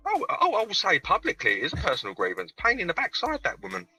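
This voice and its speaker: A man calling into a live show over a video call, chatting in a deadpan, sweary, self-mocking way. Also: sits high, fast talker, faint music behind, low-quality recording. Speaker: caller. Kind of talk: casual call-in chat.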